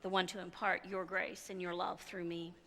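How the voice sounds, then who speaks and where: A woman pastor preaches with a bright, forceful voice that rings through a church sanctuary with a long reverb. She tells her story in a lively, conversational way, moving easily between narration and quoted speech. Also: lowish voice, normal speed. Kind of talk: sermon.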